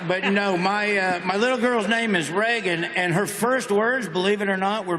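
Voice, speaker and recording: A man's voice: high-pitched, normal speed, noisy background. Joking Southern man in a hall. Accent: Southern American. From Nebraska, United States. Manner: joking, drawling storyteller. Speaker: comedian interview guest. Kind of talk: casual stage interview. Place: large hall before a live audience.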